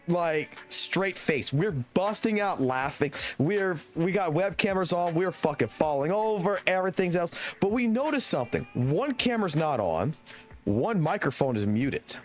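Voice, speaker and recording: Young male streamer, slightly high and very lively delivery, crude rambling storyteller. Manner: profane, rambling anecdote with laughs. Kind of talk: casual storytelling on a live stream.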